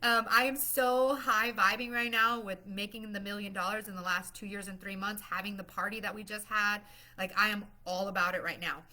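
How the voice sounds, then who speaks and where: A woman's voice: medium pitch, fairly even intonation, a little fast, pushed and bright. A woman chatting casually on a live stream, bubbly and rambling, laughing often as she greets viewers and promotes her class. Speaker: livestream host promoting her masterclass.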